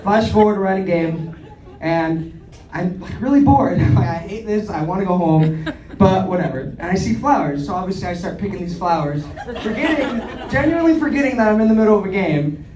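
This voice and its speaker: A man's voice: high voice, brisk. A young man in his twenties telling self-deprecating stand-up stories on a comedy club stage. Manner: self-deprecating, animated storyteller. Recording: echoey club, distant, crowd laughter. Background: audience laughter.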